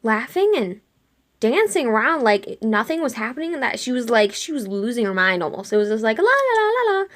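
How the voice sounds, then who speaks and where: A young woman chatting casually while she sketches, retelling a dream in an animated way and acting out her own lines with lots of "like". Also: on the high side, a little fast. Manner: chatty, animated quoting of herself with frequent "like". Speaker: art vlogger.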